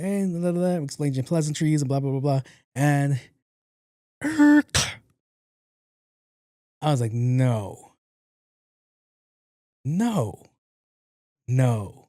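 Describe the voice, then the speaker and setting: On his podcast, a man tells a story in a casual monologue, loose and animated, acting out other people's lines and swearing along the way. His mid-range voice is warm and mellow. The recording is dry and close, with no room sound or echo.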